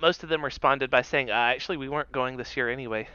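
A man's voice: medium pitch, quick pace, pushed and bright, clear, resonant tone, no room sound, dull audio. A man co-hosting a casual political chat podcast, sarcastic and swearing as he mocks what he quotes.

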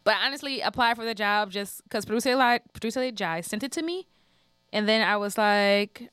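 Young woman podcast co-host, New Orleans, giggly and quick, smooth voice, dry mic. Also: mid-range voice, fairly bright tone, no room sound. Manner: laughing, playful, quick banter. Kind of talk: casual chat.

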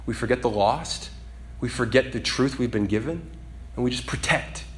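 A man delivering a sermon, talking to the congregation like a friend. His pitch sits at an everyday middle, and he builds from quiet asides to fervent, emphatic climaxes. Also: normal speed. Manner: conversational, dynamic, rising to emphatic high peaks. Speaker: preacher.

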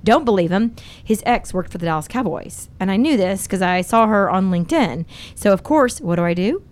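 A middle-aged woman hosting a podcast, telling a candid, profane dating story in animated casual chat. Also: mid-range voice, fairly quick. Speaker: podcast host.

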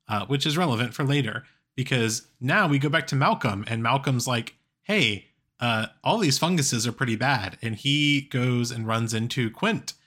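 A man co-hosting a podcast, recapping a story in a relaxed, chatty way with lots of fillers. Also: mid-range voice. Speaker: podcast co-host. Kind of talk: casual chat recapping stories.

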